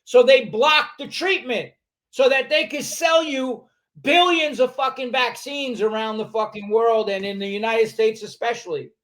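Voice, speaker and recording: A man's voice: extremely high pitch, moderate pace, a bit bright. An older man from New York City with a New York accent, a podcast guest talking bluntly, profanely and combatively in casual conversation. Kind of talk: casual interview chat.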